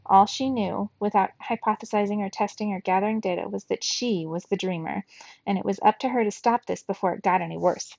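A woman reads a children's novel aloud for a book club, steady and expressive. Her voice has a gravelly, creaky texture. The recording is dry and a little dull, like a lo-fi home setup. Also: medium pitch, brisk, no room sound.

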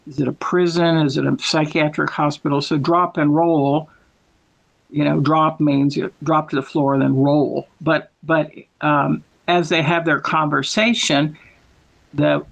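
Fairly high-pitched and creaky, an American man talks casually, wandering through anecdotes and fixing his own words mid-story.

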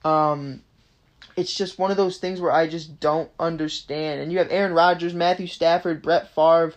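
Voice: medium pitch, fairly even intonation, lo-fi sound. Young sports podcaster in their twenties, mid-range voice, venting angrily with nonstop cursing. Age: 20s. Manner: frustrated, swears constantly, rapid fan rant. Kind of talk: casual sports podcast rant.

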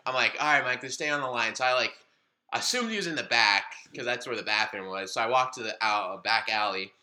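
A man's voice: medium pitch, brisk. A young man co-hosting a casual podcast, telling a story with lots of swearing and acted-out quotes. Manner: animated, swearing, acts out quoted dialogue. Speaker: podcast co-host.

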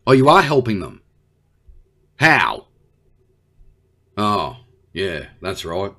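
A man's voice: on the low side, big pitch swings, slow pace, sharp tone. An Australian man doing a brash, slangy one-sided comedy conversation with an unheard partner. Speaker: comedy podcast host.

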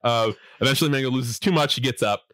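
A man casually telling a long anecdote to a friend, animated, often laughing and mimicking people. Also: mid-range voice, quick pace, dry recording. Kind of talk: casual storytelling chat.

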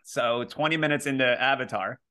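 A young man casually telling a funny story, animated and full of fillers and laughs. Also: medium pitch, moderate pace. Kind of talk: casual chat.

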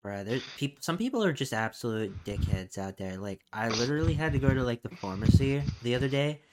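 A young man co-hosting a podcast, telling stories in a laid-back, profane way and mimicking yelling strangers. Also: medium pitch, animated, brisk, very noisy. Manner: laid-back storyteller, acts out yelling people. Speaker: podcast co-host. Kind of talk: casual chat.

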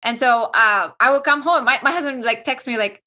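A young adult woman from Kuwait, a podcast guest telling her personal story in a lively way, acting out quoted dialogue. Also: on the high side, moderate pace. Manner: animated, acts out quoted dialogue.

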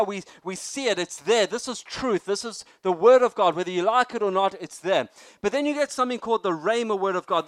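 Energetic preacher man, bright clear voice. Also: sits high, dry recording. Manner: energetic, jokey, rising to loud emphasis. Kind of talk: sermon.

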